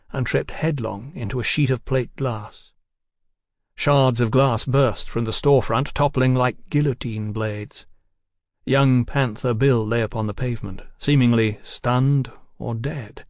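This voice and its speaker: A man narrating an audiobook in a steady, even storytelling manner. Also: medium pitch, a little slow, dry recording, studio quality.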